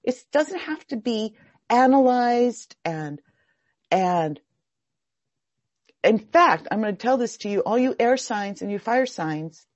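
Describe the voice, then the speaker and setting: An older woman leads a meditation class in a soft, husky voice that has some breath in it. She tells stories in a chatty way, laughing and restarting her sentences. The sound is dry and close to the mic. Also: fairly high pitch, expressive, takes it slowly, pauses often, no echo, dull audio. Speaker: meditation teacher. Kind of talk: workshop talk with personal stories.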